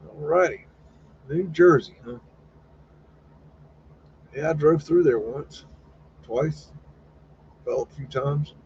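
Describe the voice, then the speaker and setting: A man's voice: a little high, takes it slowly, pauses often, warm tone. A man hosting a live stream, chatting casually and loosely, swearing now and then. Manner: folksy, swears casually, retells chats in quoted voices. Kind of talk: casual rambling commentary. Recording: slightly dull, faint background noise.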